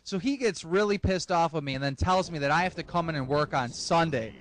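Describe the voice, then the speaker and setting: A young man telling a comic story in a profane, rambling, excitable way. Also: fairly high pitch, fairly quick, a little hiss or hum. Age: young adult.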